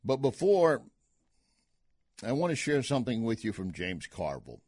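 A man hosts political talk radio in a folksy, sarcastic way, often scoffing. His pitch moves around lively. The sound is dry and close with no room echo. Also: normal speed. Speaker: radio talk show host.

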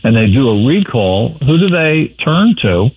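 A man's voice: medium pitch, very animated, a little slow, husky. Blunt wry man on a phone line. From New York. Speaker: guest commentator. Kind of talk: political talk radio discussion.

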